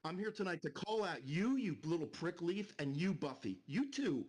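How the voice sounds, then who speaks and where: High-voiced man on a profane rant. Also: big pitch swings, moderate pace, darkish tone, breathy edge. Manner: angry, profane, repetitive ranting. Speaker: live streamer. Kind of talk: heated live-stream rant.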